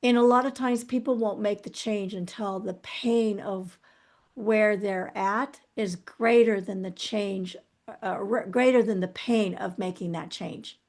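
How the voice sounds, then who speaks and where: A woman's voice: mid-range voice, steady tone, darkish tone. A middle-aged woman as an interview guest, talking candidly and reflectively about her past, often restarting her sentences. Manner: earnest, reflective, halting with restarts. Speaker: guest author.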